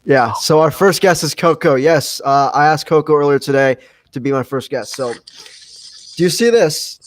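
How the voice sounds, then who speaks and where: A man's voice: fairly high pitch, animated, normal speed, rough recording. Rambling young male podcast host. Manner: rambling, many fillers and restarts. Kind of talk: casual livestream podcast chat.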